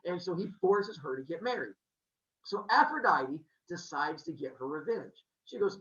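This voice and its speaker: A man casually retelling Greek myths in a jokey, animated way, pointing out posters in an indoor room. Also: high voice, brisk. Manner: animated, jokey, uses 'like' for quotes. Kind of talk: casual comic myth retelling. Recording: echoey dull room sound.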